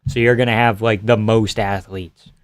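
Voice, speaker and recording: A man's voice: on the low side, steady tone, normal speed, smooth, no room sound. A man streaming live, chatting casually and joking through a fight watch-along, reading chat aloud and swearing freely.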